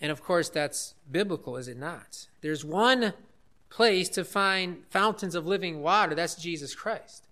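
Delivering a sermon, a pastor preaches earnestly, emphatically and with animation, slowing and stretching the words he wants to land. His voice is bright, forceful and high for a man.

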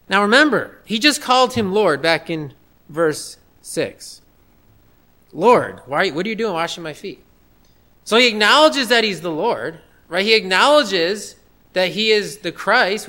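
A man's voice: sits high, pushed and bright. A man preaching a sermon verse by verse, emphatic and repeating phrases for stress. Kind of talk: expository sermon.

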